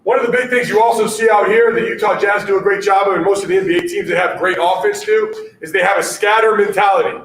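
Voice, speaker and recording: Male basketball coach presenting at a conference, high voice, punchy catchphrase delivery, echoey distant room mic. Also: fast talker, few pauses, a little hiss or hum. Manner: energetic, punchy, repeats catchphrases, keeps asking "all right?".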